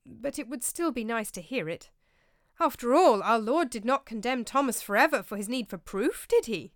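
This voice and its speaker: A woman voicing an excitable, fervent monk. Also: moderate pace, dry recording, clean studio sound. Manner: fervent, rising to high exclamations. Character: excitable pleading medieval monk, male.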